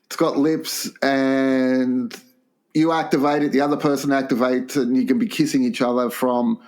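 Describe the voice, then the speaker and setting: A man's voice: medium pitch, flat delivery, moderate pace, darkish tone. A man co-hosting a crude comedy podcast, firing off vulgar jokes and swearing often. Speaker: podcast co-host.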